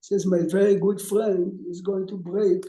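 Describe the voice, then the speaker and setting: A man's voice: high-pitched, level tone, unhurried, mellow. A man teaching a class as a rabbi, telling stories in a conversational way and asking his listeners questions. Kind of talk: informal lecture with storytelling. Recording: echoey room.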